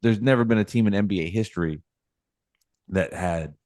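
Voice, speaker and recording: A man's voice: fairly low pitch, moderate pace, darkish tone, dry recording, clean studio sound. A man co-hosting a sports talk podcast, talking emphatically and ranting about his team's fans. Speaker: podcast co-host.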